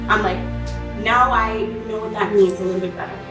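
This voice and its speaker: A woman's voice: mid-range voice, fairly even intonation, a little fast. A young woman speaking earnestly and reflectively as a guest in a casual group chat. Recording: roomy room from a distant mic, music behind.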